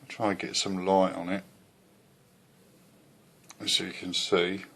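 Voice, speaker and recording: A man's voice: low-pitched, flat delivery, slow, a bit bright. A man reviewing a model kit in a chatty, rambling way at home. He is a bit out of breath, swears now and then and often loses his thread.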